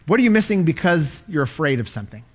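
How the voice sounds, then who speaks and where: A pastor with a high voice delivers a dramatic sermon, very animated and fast. He reads and explains scripture, swinging from loud, ringing declarations down to near-whispers.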